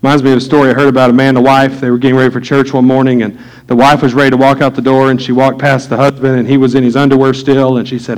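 A man's voice: mid-range voice, little pitch movement, rapid-fire, low-quality recording. A man, a pastor, preaching a conversational sermon, acting out little voices and asides.

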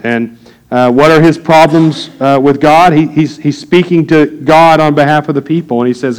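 A man's voice: on the high side, moderate pace, poor audio. A man preaching a sermon from the pulpit in a conversational way, with frequent fillers and light jokes to the congregation. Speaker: pastor.

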